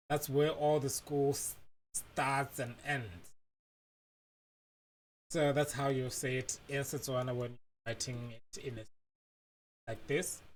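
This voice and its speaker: A man from Botswana teaching language in casual commentary, halting with fillers and restarts. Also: mid-range voice, slight background noise.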